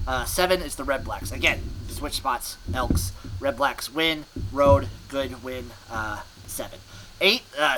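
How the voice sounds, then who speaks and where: A mid-range-voiced man hosts a sports podcast, rambling in scattered, clipped fragments and laughing at himself. There's noise in the background.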